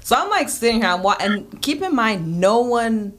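A young woman telling a lively story on a radio talk show, acting out quotes with many fillers. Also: fairly high pitch, normal speed. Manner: animated, acts out quotes with lots of "like". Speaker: in-game host guest.

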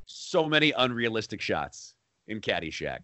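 A man co-hosting a podcast, chatting casually about a film, animated and quick to laugh. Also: on the low side, no echo. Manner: animated, laughing, breaks into shouted bits. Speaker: podcast co-host.

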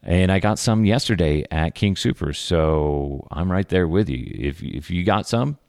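A man's voice: sits low, a little slow, gravelly, no room sound, studio quality. A man in his thirties hosting a podcast, telling rambling stories about his kids in a casual chat. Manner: rambling, animated storytelling with laughs. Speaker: podcast host.

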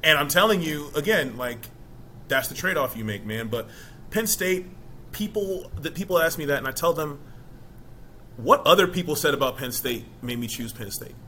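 A middle-aged man, a former college football player, talking casually in an interview as an animated storyteller who keeps asking "you know?". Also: on the high side, normal speed, a little hiss or hum.

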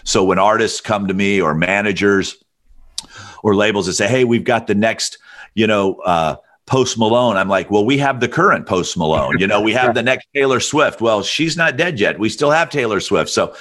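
A middle-aged man from Alabama with a very deep, rich voice that sounds made for radio. He is a guest in an interview, telling long stories in an easy, relaxed way. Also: normal speed. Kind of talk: storytelling interview.

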